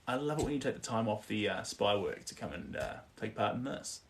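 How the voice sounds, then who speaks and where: A man with a New Zealand accent paints during a live stream, chatting casually in a lowish, lively, brisk voice picked up by a distant mic. He mutters to himself about his brushstrokes and pauses occasionally to reply to viewer comments.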